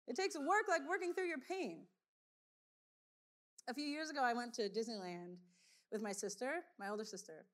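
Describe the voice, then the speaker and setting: A woman giving a sermon to a congregation, conversational and animated, telling personal stories and laughing often. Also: a little high, normal speed, long pauses. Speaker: preacher.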